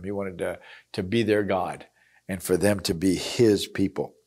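A man's voice: fairly low pitch, a little mellow. A man reading scripture aloud and explaining it in an earnest, conversational teaching style. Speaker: Bible teacher.

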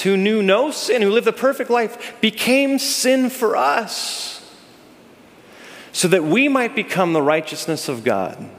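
A man preaching a sermon as pastor, animated, rising loud and high for emphasis and dropping low and slow, calling on the congregation to answer. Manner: asks the congregation to call out answers. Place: church sanctuary. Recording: long hall reverb.

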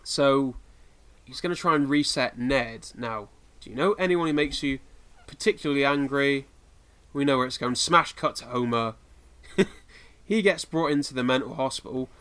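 A man's voice: medium pitch, moderate pace, fairly bright tone, clean tone. A man from the United Kingdom co-hosting a podcast in casual chat, rambling with lots of fillers and laughing often. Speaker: podcast co-host.

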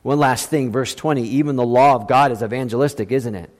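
A middle-aged male pastor preaching a sermon emphatically, repeating key phrases and swinging between hushed and raised delivery. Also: mid-range voice, brisk. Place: church sanctuary. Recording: preaching in a reverberant hall.

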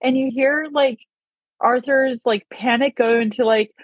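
A middle-aged woman co-hosting a podcast in casual chat, animated and swearing a lot, acting out characters in quick voices over a video call. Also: high voice, breathy edge, no echo, muffled recording. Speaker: podcast co-host.

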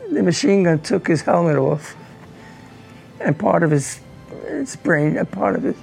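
A man in his nineties, a war veteran, recounting his own memories in a halting way, repeating words as his voice breaks with emotion. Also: sits high, sing-song, creaky, darkish tone, soft background music, poor audio. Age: 90s.

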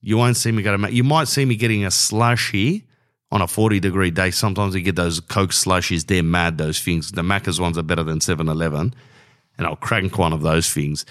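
Australian guy, low-ish voice, loose slangy storyteller, comic exaggeration. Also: steady tone, a little fast, a bit bright. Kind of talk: casual storytelling monologue.

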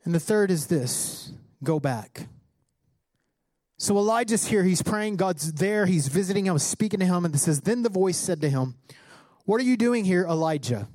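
Male pastor, high voice, passionate sermon, rising to near-shouts, dry close sound. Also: lively intonation, moderate pace, no room sound. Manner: impassioned preaching, rising to near-shouts when quoting scripture.

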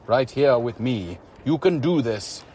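A man voicing a dominant male lover who speaks in a low, firm, controlled way. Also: expressive, a little slow, warm tone, slight background noise, close to an everyday voice. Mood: commanding.

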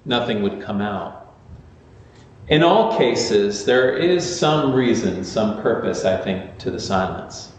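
Pastor preaching in a very echoey church. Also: male voice, on the low side, lively intonation, slow pace, a little hiss or hum. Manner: conversational, with fillers and restarts. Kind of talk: sermon. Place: large echoey church sanctuary. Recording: echoey muffled church recording from far off.

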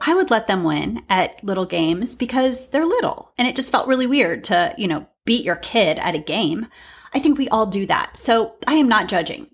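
Husky-voiced woman, frank and earnest. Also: on the high side. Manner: earnest, frank storytelling with asides. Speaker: podcast host. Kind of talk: reflective monologue.

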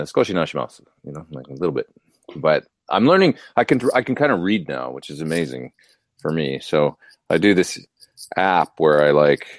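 A man's voice: very deep voice, dry recording, studio quality. A man chatting casually and at length, answering viewer questions about gear and hobbies. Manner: rambling, chatty. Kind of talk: casual chat.

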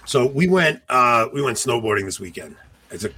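In casual podcast chat, a male co-host in his forties tells lively, animated stories and acts out the voices of the people he quotes. He speaks at normal speed in a mid-range voice, with slight noise in the background.

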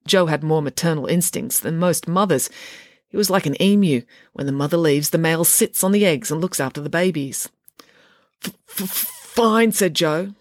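A woman narrating a children's audiobook in a lively, expressive way. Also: deep voice, fairly quick, dry recording, studio quality. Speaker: author and narrator.

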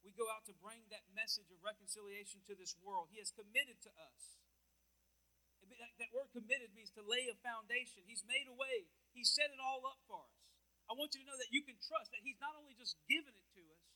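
A man preaching with a high, sharply cutting voice. He drives each point home with emphasis and repeats words as he goes. He moves around the church and calls out to the congregation. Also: sharp tone, rough recording. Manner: walks about, calls out to listeners. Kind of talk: sermon.

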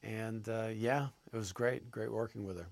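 A man answering interview questions as an actor guest, halting and thoughtful with many pauses. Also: lowish voice, fairly even intonation, creaky, background noise.

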